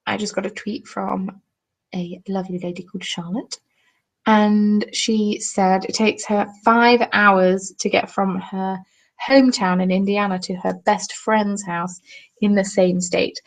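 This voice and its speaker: A woman's voice: medium pitch, flat delivery, a little slow, poor audio. A young woman hosting a crafting live stream, chatting casually and reading viewers' comments with self-deprecating, apologetic asides. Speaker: crafting livestream host.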